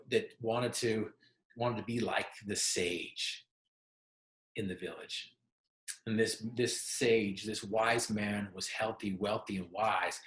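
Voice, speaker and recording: A man's voice: medium pitch, fairly bright tone. A man giving a motivational talk who tells a story and asks the audience questions directly. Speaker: motivational speaker. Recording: roomy echo.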